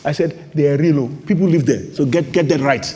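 Nigerian guy preaching hard, lots of echo in a big church hall, high lively voice. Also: brisk. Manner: fervent, repeats rhetorical questions. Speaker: pastor. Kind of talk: sermon. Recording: long reverb of a large hall.

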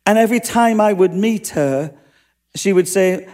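A man's voice: sits high, normal speed, darkish tone. A man preaching a sermon, telling stories earnestly and acting out the dialogue of the people in them. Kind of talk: sermon storytelling. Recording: long hall reverb.

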